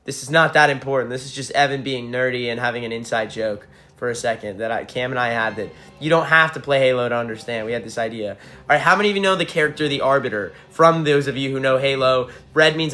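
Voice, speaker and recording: Young man, livestream chat, excitable, swears a lot, rambling, forceful bright tone. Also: medium pitch, fast, faint music behind. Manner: excitable, swearing, hype-driven, jumps between topics. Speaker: band frontman livestreaming to fans. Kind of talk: casual livestream chat with viewers.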